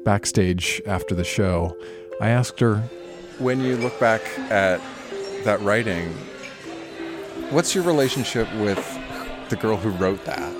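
Deep-voiced male host over music. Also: expressive, takes it slowly, pauses often. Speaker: podcast host. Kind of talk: interview and narration.

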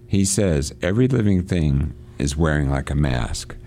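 Radio host, deep voice, warm tone, reads passages aloud and stumbles into restarts. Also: male voice, lively intonation, moderate pace, slight background noise. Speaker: radio host reading and discussing a novel. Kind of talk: casual reading and discussion on radio. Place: church.

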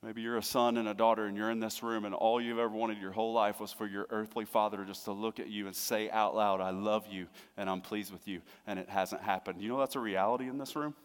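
A middle-aged man preaching a sermon as pastor, earnest, moving between hushed tender lines and emphatic raised passages. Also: lowish voice, steady tone, fast, hardly any pauses, smooth. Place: church sanctuary. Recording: long hall reverb.

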